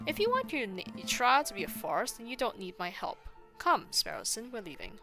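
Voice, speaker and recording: A woman's voice: fairly high pitch, big pitch swings, brisk, bright, forceful tone, soft background music. A woman reading a stern male falcon defense attorney in a game, with blunt, commanding lines.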